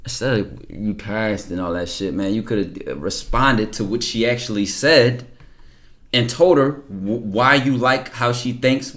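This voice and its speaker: A man's voice: medium pitch, fairly bright tone. A man casually reacting to viewer messages on a livestream, blunt and profane, lecturing his chat.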